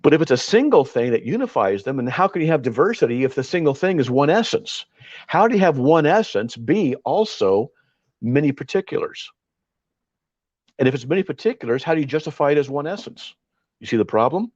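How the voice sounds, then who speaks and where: A man leading an informal Bible study, talking in an animated, argumentative way with frequent restarts. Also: fairly high pitch, a little fast, no room sound. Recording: dull, dry lo-fi recording.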